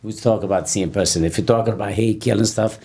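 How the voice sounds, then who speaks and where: Male guest, very deep voice, casual interview storytelling, halting delivery with repeated words. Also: a little mellow. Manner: halting, repeats words, breaks off mid-sentence. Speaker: interview guest, personal trainer.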